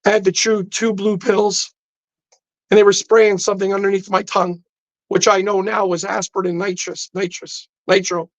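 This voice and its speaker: A man's voice: sits high, little pitch movement, normal speed, no room sound, rough recording. A man on a podcast telling a personal story intensely, acting out the dialogue as he goes. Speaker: podcast guest. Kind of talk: storytelling in casual chat. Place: podcast studio.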